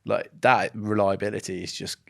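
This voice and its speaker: A man speaks with a somewhat low voice. He talks casually as a podcast co-host, relaxed and full of fillers, and laughs readily. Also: moderate pace, vocal fry. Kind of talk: casual conversation.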